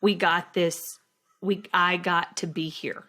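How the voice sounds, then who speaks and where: A middle-aged actress talking slowly and reflectively as a podcast guest, with halting restarts. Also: female voice, lowish voice, steady tone, sharp tone. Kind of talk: emotional interview conversation.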